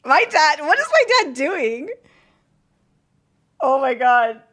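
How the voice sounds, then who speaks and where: A woman streamer chatting casually, telling a story in an excitable, giggly way. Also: sits high, slow. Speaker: game streamer. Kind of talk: casual chat.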